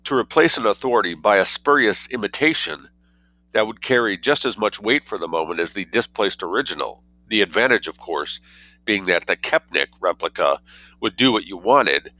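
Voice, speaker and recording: A man reading a short story aloud, with a measured, explanatory delivery and occasional asides of his own. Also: on the low side, animated, sharp tone, no room sound, low-quality recording. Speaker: reader.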